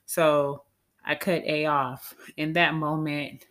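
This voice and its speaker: A woman's voice: sits low, steady tone, takes it slowly, a bit bright. A woman telling a personal story in a casual, candid, chatty way that often breaks into laughter.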